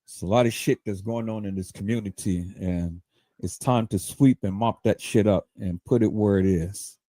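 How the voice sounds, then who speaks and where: A man's voice: on the low side, normal speed, mellow, no room sound. A man hosting a livestream, ranting in a heated, profane way and stammering repeated words as he goes. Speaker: livestream host. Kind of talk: livestream rant.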